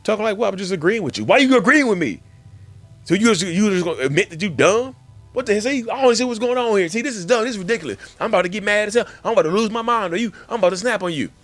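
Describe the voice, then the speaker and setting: A man's voice: high voice, expressive, rapid-fire, vocal fry, few pauses, husky, dry recording, soft background music, voice pushed up, heavily acted. A man acting out an indignant, bullying narcissist who grows exasperated and confrontational.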